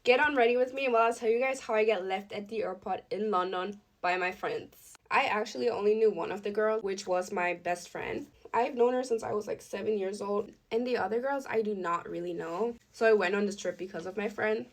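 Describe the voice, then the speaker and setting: A woman's voice: medium pitch, a little fast. A woman chatting through a personal story in a casual get-ready-with-me video. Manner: chatty, conversational.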